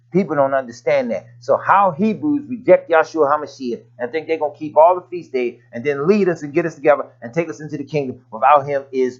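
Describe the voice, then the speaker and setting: A man's voice: mid-range voice, lo-fi sound. A man preaching a sermon in a conversational way, with folksy asides and scripture readings.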